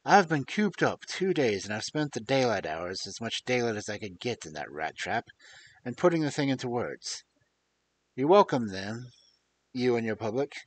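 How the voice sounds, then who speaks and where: A man puts on a bold, genial older gentleman whose accent sits between American and English. His voice is mellow and pleasing, hearty and loud, with a slightly husky edge and lively swings in pitch. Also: normal speed. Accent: mixed American and English.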